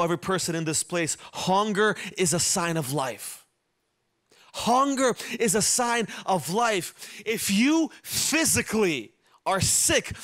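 Man, pastor, high voice, preaching sermon, repetitive cadence, hushed to shouting.

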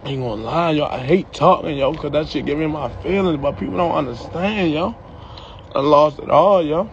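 A man's voice: on the high side, moderate pace, creaky, lo-fi sound, noisy background. A young man in a heated, profane rant to the camera, ending his lines with "yo". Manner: profane, heated, repeats "yo" at line ends.

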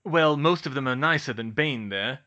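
A cheeky teenage wizard boy, as a man puts him on, talking loosely and chummily. The voice stays bright in this storybook reading. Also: medium pitch, moderate pace, dull audio, natural voice. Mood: casual.

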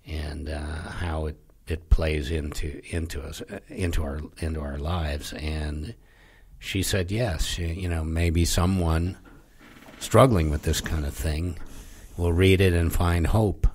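Podcast guest, male, very low voice, conversational storytelling that stalls and repeats itself. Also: fairly even intonation, slightly rough. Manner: halting, repeats words, trails off quietly.

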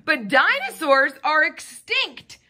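A woman teacher gives a phonics lesson to a young child, her bright voice swooping up and down a lot as she patiently sounds out each letter. She talks slowly and sits a little high in pitch. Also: very animated.

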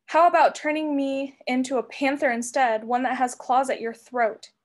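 A brave, clever teenage girl voiced by a woman reading a storybook aloud. She speaks firmly and urgently, in a fairly high voice. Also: fairly even intonation, moderate pace, natural voice. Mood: determined.

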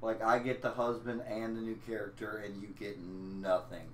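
A man's voice: fairly low pitch, flat delivery, normal speed. A man co-hosting a casual gaming video, teasing and laid-back. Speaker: co-host. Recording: roomy echo, faint noise.

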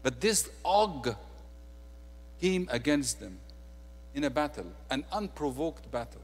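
A man with an Egyptian accent preaching a sermon, swinging between quiet, intimate asides and loud, emphatic declarations. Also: on the high side, lively intonation, takes it slowly, big-room sound.

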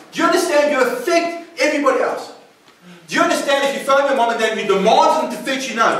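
A high-pitched male pastor preaches casually, laughing as he goes and putting question after question to his listeners. His voice sits far from the mic and rings around a very echoey room, with faint hiss underneath. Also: fairly bright tone. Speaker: pastor teaching at a recovery centre. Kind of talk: informal preaching to a group.

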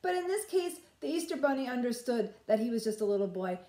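A woman's voice: on the high side, quick pace, roomy sound. A nursery school teacher, a woman, reading a picture book aloud and asking the children questions. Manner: animated, asks children questions.

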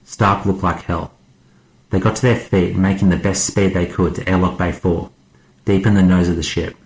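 A man narrating an audiobook as a guest reader, in a measured, steady way. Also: low-pitched, roomy sound, rough recording.

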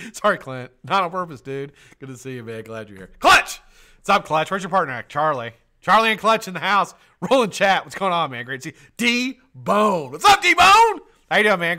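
Middle-aged male stream host, lively pitch, bright voice, loud greetings, crude jokes. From United States. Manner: loud shout-outs, swears, jokey. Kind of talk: live stream chat, greeting viewers.

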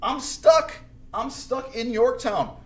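A man's voice: fairly high pitch, very animated, unhurried, fairly bright tone, full character voice. A man acting out a flustered male British general who asks and exclaims in rising tones. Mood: panicked.

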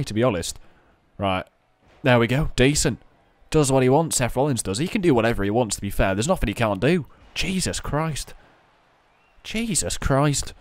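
A young man giving casual, excitable running commentary over a wrestling video game, chatting to viewers and swearing freely. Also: on the low side, dry recording. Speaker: gaming video creator.

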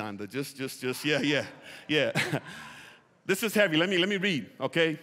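A man's voice: fairly high pitch, very animated, moderate pace, sharp tone. A male pastor preaching a sermon, calling on the congregation to repeat phrases and stretching out key words for emphasis. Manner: call-and-response preaching, drawing out key words. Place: church sanctuary. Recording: reverberant church hall. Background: long hall reverb.

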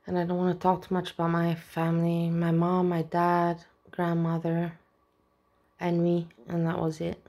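A woman's voice: lowish voice, completely flat delivery, moderate pace, dark tone. A woman vlogger talking casually and openly emotional, with a rambling way of speaking. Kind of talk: casual reaction vlog.

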